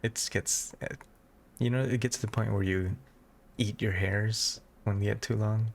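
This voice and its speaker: A young man with a low voice and a gravelly, fry-heavy edge, cracking teasing jokes at his co-host on a podcast. He talks in loose, relaxed banter. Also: normal speed. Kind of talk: casual chat.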